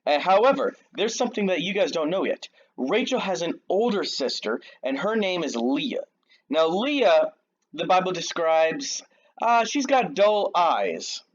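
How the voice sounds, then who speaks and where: With a high voice that swings widely in pitch, a man retells a Bible story to kids at a measured pace, keeping it slangy, jokey and conversational. The recording is muffled.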